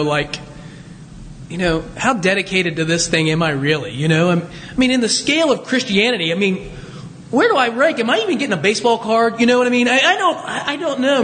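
Brief: male pastor, very high voice, chatty self-deprecating sermon, long church reverb. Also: a bit bright, slight background noise. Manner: conversational, self-deprecating, with many restarts. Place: church sanctuary.

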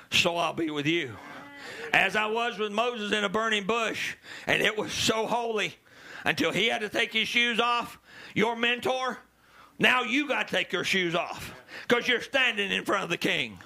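A male preacher delivering a sermon, dropping to low murmurs and rising to shouted calls to the congregation. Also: unhurried, vocal fry. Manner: swings from low murmurs to loud shouted exhortations.

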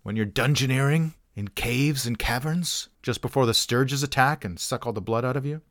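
Here the pronunciation-channel host talks at a moderate pace in a mid-range, fairly bright voice, walking through things casually. Wry throwaway jokes and self-deprecating asides run through it, captured in a clean, dry studio.

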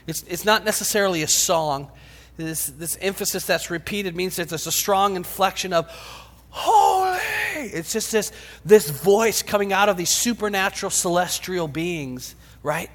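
A high-pitched man delivers a sermon, swinging dramatically between shouts and hushed whispers. His voice rings with a long reverb in a large church hall. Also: moderate pace. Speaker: pastor.

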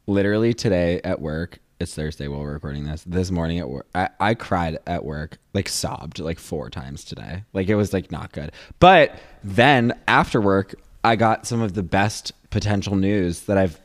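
A man in his twenties co-hosting a podcast, telling stories in a casual, animated way and acting out voices. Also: low voice, moderate pace, few pauses, no echo, clean studio sound. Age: 20s. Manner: animated storyteller, acts out voices, laughs often. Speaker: podcast co-host. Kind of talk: casual chat.

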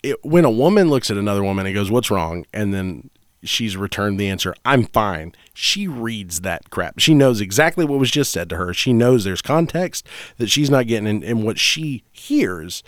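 Lively low-voiced man arguing casually. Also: moderate pace, dry recording, studio quality. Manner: argumentative, acts out quoted dialogue with exaggerated voices. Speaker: podcast co-host. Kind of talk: casual chat.

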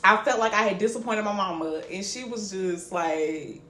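A young woman podcast co-host, telling an animated, profane story in casual chat and laughing often. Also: mid-range voice, moderate pace, hardly any pauses. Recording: echoey room with faint ambient noise.

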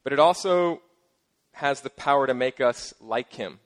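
A middle-aged man preaching a sermon as pastor, casual and playful with joking asides and lively emphasis. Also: medium pitch, unhurried.

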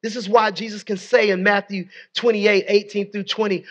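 Very high-voiced man preaching a sermon. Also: little pitch movement, moderate pace, few pauses, fairly bright tone, lo-fi sound. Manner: call-and-response preaching to a congregation; conversational, folksy asides. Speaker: pastor.

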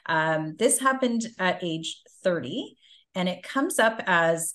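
Calm woman coach giving a spiritual reading. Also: on the low side, slow pace. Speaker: life coach guest.

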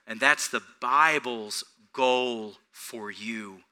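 Bright-voiced man preaching a sermon. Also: medium pitch, very slow. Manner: preaching without notes, asks the congregation questions. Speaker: pastor.

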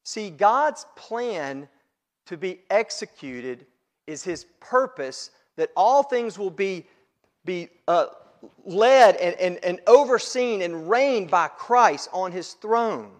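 A man preaching a sermon to his congregation, building to loud emphatic peaks and then dropping low. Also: lively intonation, takes it slowly. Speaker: pastor.

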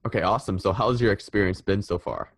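A man's voice: lowish voice, fast talker, no room sound. A man hosting a podcast, asking brief, friendly interview questions. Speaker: podcast host. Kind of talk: casual interview.

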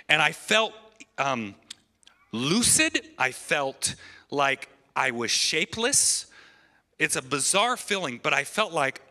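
A man's voice: fairly high pitch, sing-song, a little slow, pushed and bright. A man in his thirties giving an earnest, emotional testimony in a church sermon, often restarting his phrases. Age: 30s.

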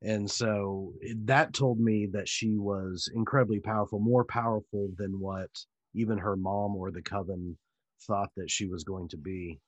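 A man's voice: fairly low pitch, fairly even intonation, moderate pace, lo-fi sound. A man co-hosting a casual recap chat, thinking aloud with some hesitation. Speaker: podcast co-host.

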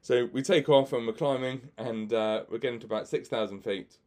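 Male magician hosting a podcast; mid-pitched, chatty storyteller who laughs a lot and acts out other people's lines. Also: steady tone, a little fast, darkish tone. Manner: chatty, laughs often, many fillers.

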